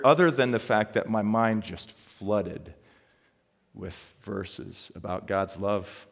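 A pastor preaching a sermon in a conversational, storytelling way, getting loud and animated as he acts out a story. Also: medium pitch, unhurried, vocal fry, in a large hall. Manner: conversational storytelling, grows loud and excited when reenacting.

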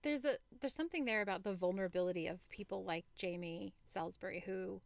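A woman's voice: mid-range voice, vocal fry, no echo. Enthusiastic woman podcast host, dry sound. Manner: enthusiastic, animated, quick to laugh. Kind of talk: casual book-club podcast chat.

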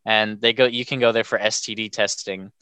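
Bright, crisp-voiced young man rambling. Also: fairly low pitch, steady tone, fairly quick, dry recording. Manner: rambling, filler-heavy, says "like" constantly. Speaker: guest. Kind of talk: casual storytelling.

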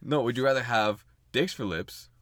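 A man's voice: mid-range voice, normal speed, fairly bright tone, no echo. A young man co-hosting a podcast, chatting in a crude, bantering way and laughing often. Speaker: podcast co-host. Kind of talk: casual joking chat.

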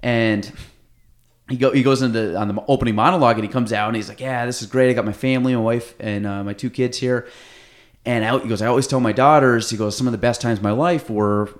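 A podcast host chats casually in a studio, animatedly retelling stories with frequent restarts and quoted lines. He speaks very quickly at a medium pitch.

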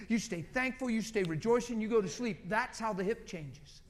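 A man's voice: high voice, animated, normal speed, hardly any pauses. A middle-aged male pastor preaching and leading a congregation in prayer, conversational and exhorting, repeating short commands. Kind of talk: sermon leading group prayer.

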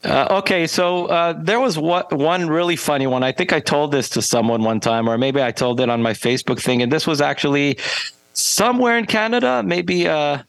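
A man's voice: fairly high pitch, normal speed, vocal fry, dry recording, rough recording. A man, a band frontman and podcast guest, telling stories in a rambling way with many fillers and restarts, acting out the people he quotes. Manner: animated, acts out quoted people. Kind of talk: casual interview storytelling.

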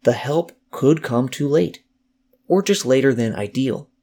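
A man calmly narrating a scripted economics explainer. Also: medium pitch, husky. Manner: measured, explanatory.

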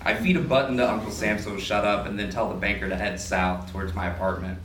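A man reading a first-person prose story aloud at a live literary event, with a lively storytelling manner. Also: lowish voice, fast, a little hiss or hum. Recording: roomy hall, distant mic, faint ambience.

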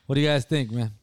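A man's voice: a little high, dry recording. A man hosting a casual sports chat show, talking in a slangy, laid-back way and laughing often. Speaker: show host.

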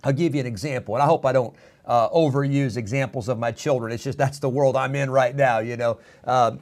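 A man's voice: medium pitch, fairly quick, a little mellow. A pastor in his thirties preaching a sermon in an earnest, emphatic way, repeating key phrases.

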